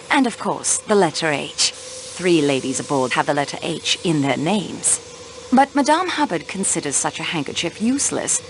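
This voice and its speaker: An actress playing a young railway clerk turned investigator in a mystery video game, polite but insistent in questioning. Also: female voice, on the low side, slight background noise, rough recording. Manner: poised, probing, politely insistent.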